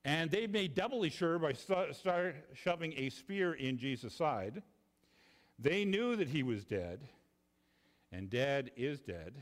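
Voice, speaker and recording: A man preaching in a church sanctuary, his voice sitting a little higher than most men's. He shifts between lifted retelling and sudden low, quiet emphasis, stumbling and repeating words as he talks. A long reverb hangs behind every phrase. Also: very animated, slow pace. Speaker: pastor. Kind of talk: sermon.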